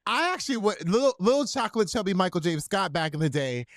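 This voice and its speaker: A man co-hosting a podcast, chatting casually in an animated, playfully outraged way and laughing often. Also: sits high, quick pace, no room sound, studio quality. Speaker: podcast co-host.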